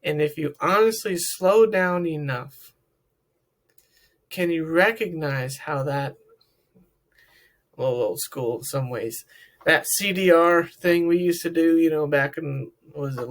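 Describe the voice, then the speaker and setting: Reflective male therapist posing questions. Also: a little high. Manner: reflective, asks many questions, repeats words. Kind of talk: talk to camera about emotional health.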